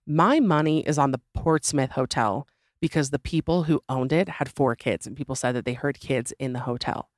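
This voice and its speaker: A woman's voice: extremely low pitch, moderate pace, no room sound, clean studio sound. A woman hosting a podcast with a sore throat, reading listener stories in a chatty, rambling way with joking asides. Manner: chatty, rambling asides and self-deprecating jokes. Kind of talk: casual podcast chat and story reading.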